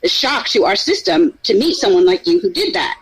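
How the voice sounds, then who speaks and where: A woman's voice: medium pitch, sing-song, a little fast, vocal fry, a loud crowd, rough recording. A woman hosting a live stream panel, talking emphatically and profanely and repeating her points. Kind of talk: heated casual stream talk.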